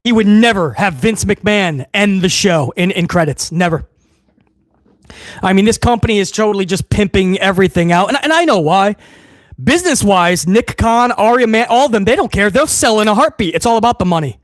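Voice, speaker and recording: A man's voice: high voice, animated, a little fast, no room sound, clean studio sound. A man hosting a live wrestling watch-along stream, ranting bluntly and swearing freely in casual commentary.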